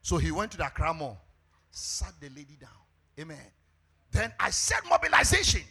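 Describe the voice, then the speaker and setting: A middle-aged Ghanaian pastor preaching a sermon, telling a story with animated delivery and shouted emphasis. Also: male voice, on the high side, normal speed, vocal fry.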